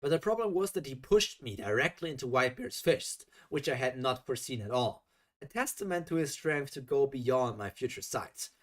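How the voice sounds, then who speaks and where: A man's voice: medium pitch, moderate pace. A man reading a fan story aloud on a live stream, breaking off into exasperated reactions. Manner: animated, exasperated asides.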